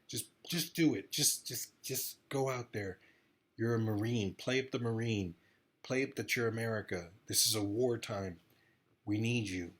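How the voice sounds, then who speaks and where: A man giving a rambling, excitable casual monologue about politics, repeating himself often. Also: mid-range voice, slightly rough. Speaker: political commentator vlogger.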